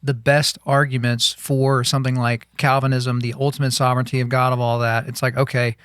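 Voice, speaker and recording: A man's voice: mid-range voice, brisk, smooth, no room sound, studio quality. A man co-hosting a podcast, talking casually about a Bible passage and acting out imagined scenes as he tells them. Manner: animated storyteller, acts out imagined scenes. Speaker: podcast co-host.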